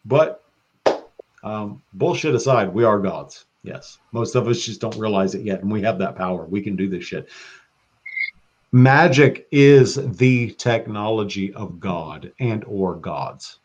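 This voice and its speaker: A man talking as a podcast guest in casual chat, excitable and profane, breaking into loud bursts when quoting. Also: lowish voice, unhurried, husky. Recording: dull lo-fi sound.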